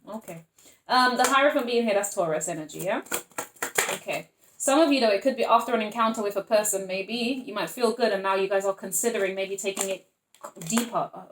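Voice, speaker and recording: A woman's voice: medium pitch, fairly quick, reverberant, background noise. A woman giving a casual tarot reading, chatty and blunt, swearing freely as she talks to her viewers. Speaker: tarot reader.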